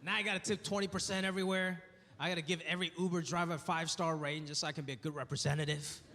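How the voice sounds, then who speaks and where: A man doing a stand-up comedy set, telling stories in an animated way and acting out voices. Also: a little high, very fast. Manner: animated storytelling with acted voices. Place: theater stage with live audience. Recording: roomy hall with crowd laughter. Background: audience laughing.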